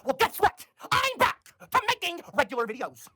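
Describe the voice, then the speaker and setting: A man puts on a shrill, unhinged vlogger character that rants and hurls threats, with a very high voice that swings wildly up and down. His delivery is slow and drawn out. It comes through a clip buried in loud noise. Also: sing-song, exaggerated voice. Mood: ranting. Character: ranting unhinged male online vlogger character. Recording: loud noisy clip playback.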